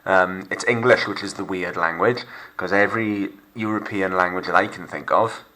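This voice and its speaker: A deep-voiced man teaches a recorded remote lesson. His tone is bright and forceful, and he explains patiently, step by step, with fillers. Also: normal speed, low-quality recording.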